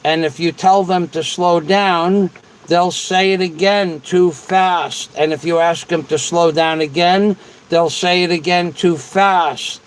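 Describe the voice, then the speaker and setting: A man's voice: a little high, steady tone, slow, clear, resonant tone, poor audio. A man hosting a casual livestream, rambling and repeating himself as he answers viewers. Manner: rambling and repetitive. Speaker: livestream host.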